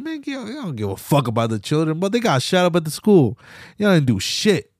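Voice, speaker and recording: A man with a Pittsburgh accent hosts his podcast alone, ranting hard and cursing freely. His voice sits a little high for a man. He keeps asking his listeners pointed rhetorical questions and mocks the people he disagrees with. The sound is dry, with no room echo. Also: very animated, brisk. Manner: mocking quoted voices of opponents. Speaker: podcast host. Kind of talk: solo podcast rant.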